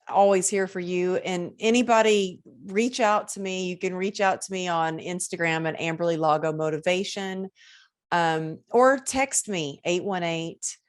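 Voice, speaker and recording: Enthusiastic motivational woman, lowish voice. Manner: enthusiastic motivational speaker, effusive. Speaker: podcast guest. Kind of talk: podcast interview conversation.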